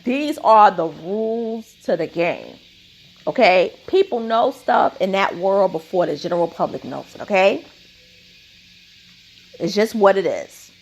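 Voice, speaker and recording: A woman's voice: medium pitch, expressive, unhurried, muffled recording. A woman giving an opinionated commentary monologue, emphatic and repeating her points with a questioning "okay?".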